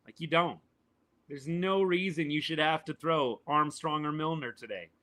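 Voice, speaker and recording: A man, his voice worn and going hoarse, chatting casually as a podcast host reacting live to a baseball game and answering viewers. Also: fairly high pitch, moderate pace, bright, forceful tone. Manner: chatty, answers chat viewers by name, says y'all. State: voice worn and failing, a little quieter than usual.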